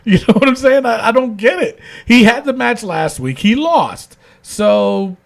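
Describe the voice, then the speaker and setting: A man hosts a casual wrestling chat in a high, lively voice that swoops around. He rambles, restarting sentences and leaning on fillers as he goes. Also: unhurried, gravelly. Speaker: podcast host.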